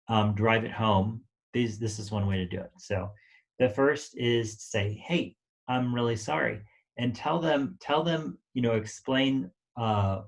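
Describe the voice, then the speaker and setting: A man teaching about relationships in a casual, conversational way, with many fillers and short acted-out example lines. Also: medium pitch. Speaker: relationship coach.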